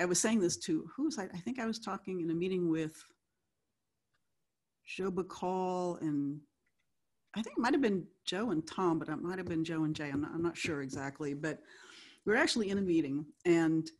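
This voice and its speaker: A woman's voice: on the low side, normal speed, husky. An older woman, a guest writer, telling anecdotes in a chatty way, often laughing as she talks. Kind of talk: anecdotal storytelling.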